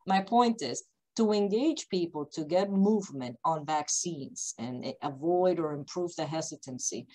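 A woman who founded a company, speaking on a video call panel with emphatic, deliberately slow, repetitive points. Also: sits low, dark tone, rough recording. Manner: emphatic, repeats key points, speaks slowly on purpose.

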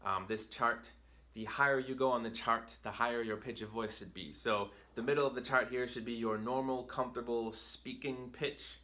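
A man's voice: mid-range voice, steady tone, normal speed, sharp tone. A man teaching a video language lesson, explaining patiently and checking in with "right?" as he goes. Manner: reads drill words in a raised, careful voice. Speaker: Chinese teacher.

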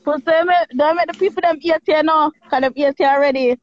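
Very high-voiced Jamaican woman, teasing. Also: a little fast, no echo, lo-fi sound, soft background music. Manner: teasing, laughs often, eggs the other speaker on. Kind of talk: casual live-stream chat.

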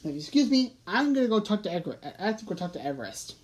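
A woman voicing a loud, emotional male skeleton who shouts at his brother. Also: mid-range voice, sing-song, very fast, close to an everyday voice. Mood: eager.

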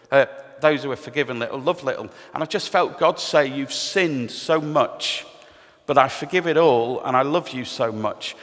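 A middle-aged man tells his conversion story to a church, his voice sitting at an ordinary pitch. He speaks candidly and pokes fun at himself now and then. His words ring out with a long reverb through the church hall. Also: a bit bright. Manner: candid, self-deprecating, storytelling with humor. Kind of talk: personal testimony talk.

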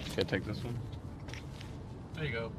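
A man's voice: medium pitch, lively intonation, normal speed. A man chatting casually on a livestream from a car, bickering in a dry, laid-back way. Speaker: co-host on a stream. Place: inside a moving car. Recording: loud road noise in a car.

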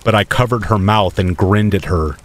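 A man reading a scripted first-person horror story in a steady, measured way. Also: fairly low pitch.

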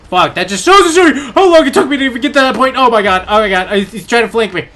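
A young man narrating his horror game playthrough, swearing often and yelling at enemies. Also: very high voice, expressive, quick pace. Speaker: gaming YouTuber. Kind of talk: let's play commentary.

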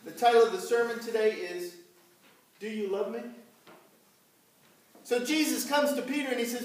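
A man preaching as pastor, telling the story slowly and asking his congregation questions. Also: very high-pitched. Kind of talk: sermon. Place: church. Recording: echoey church from far off.

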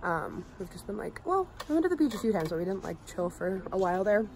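A woman's voice: medium pitch, big pitch swings, quick pace, background noise. A young woman in her twenties vlogging casually from a family vacation, chatty and giggly, with many "like"s. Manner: chatty, giggly, says "like" often. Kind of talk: casual vlog chat. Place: outdoors at a beach and indoors at a vacation home. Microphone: handheld vlogging camera.

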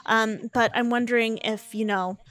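A woman voicing a young woman in a life-sim game story, making a hurried, hushed phone call. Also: on the high side, steady tone, close to an everyday voice. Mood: pleading. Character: young woman secretly phoning for help.

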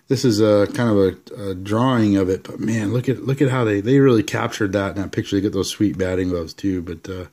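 Laid-back man chatting over his cards. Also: lowish voice. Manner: relaxed, rambling, enthusiastic asides. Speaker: card collector showing his collection. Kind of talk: casual card-showing vlog.

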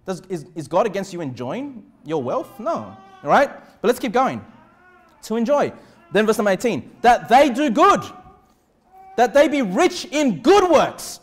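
Animated high-voiced preaching man. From Australia. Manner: animated preaching, emphatic repetition, rhetorical questions. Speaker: pastor. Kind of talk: sermon. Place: church.

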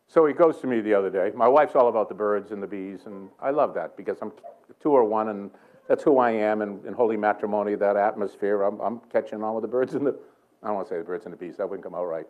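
A man's voice: on the low side, phone-quality sound. Older Boston man preaching with jokes. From Boston area. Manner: joking, conversational preaching with quick asides. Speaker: guest preacher. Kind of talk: sermon. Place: church sanctuary.

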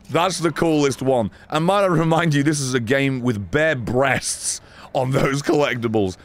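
Playing a horror game on stream, a man offers casual commentary, reads out chat messages and trades banter with viewers, cursing freely. He speaks a little high, at a measured pace.

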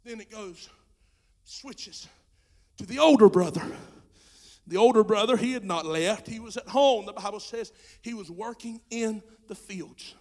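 A male pastor preaching a sermon with passion, dropping to a hush and then rising to shouts, in folksy Southern speech. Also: sits high, a little slow. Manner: impassioned preaching, swinging from hushed to shouting. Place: church sanctuary.

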